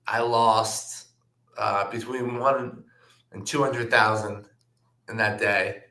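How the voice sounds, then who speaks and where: A man, a trader, telling stories from his career in a relaxed anecdotal way, with plenty of "um" and "like". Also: fairly low pitch, slow pace. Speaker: trader and guest. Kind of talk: casual storytelling. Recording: roomy echo.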